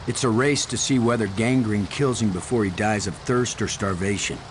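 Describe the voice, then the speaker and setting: An actor voices a calm male commander with a fairly low voice and deadpan delivery. The lines come from game audio with clear background noise. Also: moderate pace, lightly acted. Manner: dry, matter-of-fact.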